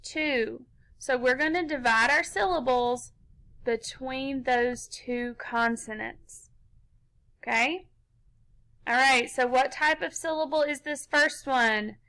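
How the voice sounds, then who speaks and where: Slow, bright-voiced woman teaching phonics. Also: high voice, rough recording. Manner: slow, patient, step-by-step instruction. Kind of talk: phonics lesson for children.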